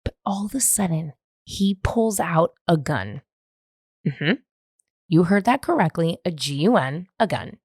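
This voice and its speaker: A woman in her thirties from San Francisco, hosting her podcast and telling a story in a candid, animated, profane way. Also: on the low side, a little slow, husky, dry recording, clean studio sound. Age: 30s. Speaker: podcast host. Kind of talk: casual storytelling monologue.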